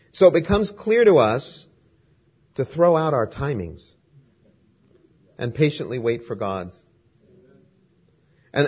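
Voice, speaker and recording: A man's voice: medium pitch, breathy edge. A man preaching a sermon in an emphatic, rhetorical way, driving points home with repetition. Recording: dull lo-fi recording.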